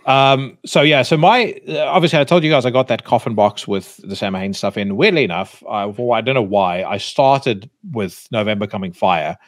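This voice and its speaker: Male podcast host, low-ish voice, dry sound, enthusiastic and profane. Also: moderate pace, hardly any pauses, no echo. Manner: enthusiastic, swearing freely. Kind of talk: casual podcast chat.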